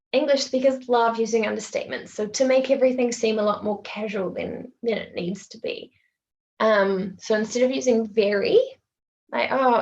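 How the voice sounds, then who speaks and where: A woman with a New Zealand accent, an English teacher giving a casual online webinar lesson and acting out example phrases in a lively voice. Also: mid-range voice, gravelly, highs cut off.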